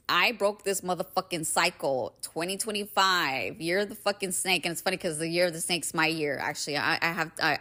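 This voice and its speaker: Casual woman podcaster, lowish voice. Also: fairly bright tone. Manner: emphatic, swears freely, heavy use of "like". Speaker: podcast host. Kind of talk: casual motivational monologue.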